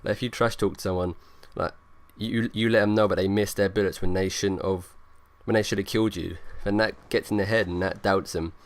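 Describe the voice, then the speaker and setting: Young guy talking fast over his gameplay, kinda low voice, rambly with lots of likes. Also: fairly even intonation. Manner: rambling, filler-heavy, talks over gameplay. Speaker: gaming YouTuber. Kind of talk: gameplay commentary.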